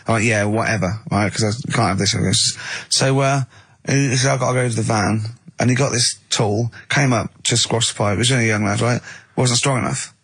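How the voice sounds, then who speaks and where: Husky man spinning a rambling radio anecdote. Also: mid-range voice, steady tone, fairly quick, a bit bright, no echo. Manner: rambling anecdotes, acting out the people he quotes. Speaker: radio co-host. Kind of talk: casual radio banter. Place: radio studio.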